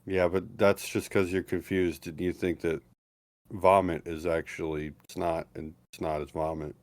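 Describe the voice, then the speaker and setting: Male podcaster, very low voice, dry sound, deadpan dark humor. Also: a little slow, no echo. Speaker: podcast co-host. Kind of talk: casual podcast banter.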